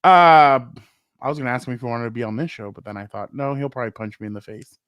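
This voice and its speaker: A man co-hosting a casual sports talk show, telling stories with animated, profane banter and acting out quotes. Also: mid-range voice, quick pace, clean tone, no echo, clean studio sound. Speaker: co-host.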